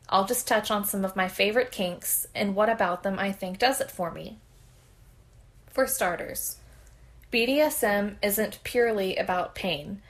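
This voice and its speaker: Female podcast host, mid pitch, reads listener stories aloud in a frank, chatty way. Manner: candid, conversational reading with bursts of laughter. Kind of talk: reading a submitted story aloud.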